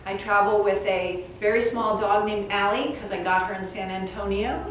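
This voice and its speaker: A woman's voice: medium pitch, moderate pace. A woman author telling humorous stories as a guest at a live event, acting out bits of dialogue. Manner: animated, humorous, acts out dialogue. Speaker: author and speaker, interview guest. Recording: echoey room, distant mic, faint background noise.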